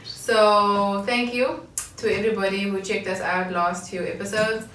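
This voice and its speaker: A woman's voice: medium pitch, fairly even intonation, unhurried, a bit bright. Host, female, chatty and self-aware, roomy distant sound with faint hiss. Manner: laughing, chatty, self-conscious. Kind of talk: casual chat.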